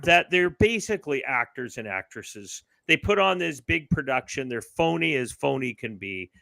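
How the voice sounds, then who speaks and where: Man, co-host, indignant political chat, gravelly, lively pitch, dry close sound. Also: normal speed, dry recording. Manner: animated, laughing, indignant.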